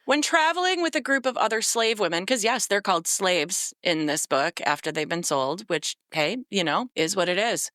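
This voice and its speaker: A sarcastic woman podcaster picks a novel apart in casual chat, sounding fed up and cursing freely. Her voice sits at a middle pitch, recorded close and completely dry. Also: fairly bright tone, dry recording. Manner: sarcastic, exasperated, swears freely, acts out quotes. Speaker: podcast co-host.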